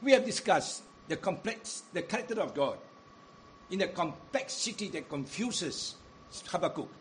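A man's voice: high voice, sing-song, moderate pace, slight background noise. A man preaching a sermon, emphatic, with his voice rising and falling as he quotes scripture.

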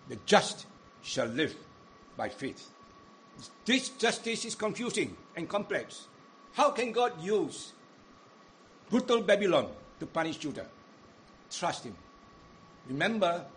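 A man's voice: on the high side, fairly bright tone, a little hiss or hum. A man preaching a sermon, emphatic, with his voice rising and falling as he quotes scripture.

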